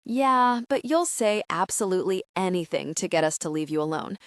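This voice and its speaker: A woman's voice: lowish voice, expressive, normal speed, a bit bright, no room sound, studio quality. A woman narrator voicing a young woman best friend who teases and pries in an audiobook. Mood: prodding. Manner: playful, prying teasing. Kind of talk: audiobook character voice.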